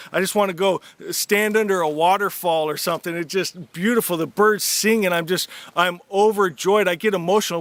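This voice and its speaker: Guy with a high voice doing a soft heartfelt spiritual talk, dry close sound. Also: dry recording. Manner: gentle, heartfelt, unhurried with long pauses. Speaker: spiritual teacher. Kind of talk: devotional talk to camera.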